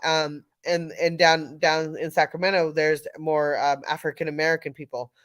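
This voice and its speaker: A woman's voice: sits low, level tone, moderate pace, no echo. A middle-aged woman from California, telling a casual story on a live audio panel, laughing often and restarting her sentences. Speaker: panel speaker.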